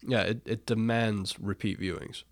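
A man's voice: fairly low pitch, steady tone, moderate pace, no room sound. A man co-hosting a casual film podcast, opinionated, often restarting his sentences. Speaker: podcast co-host.

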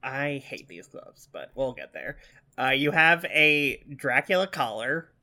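A man co-hosting a casual podcast, describing things in detail with frequent ums and pauses. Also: medium pitch, big pitch swings, pushed and bright. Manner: descriptive, hesitant with many ums. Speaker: podcast co-host.

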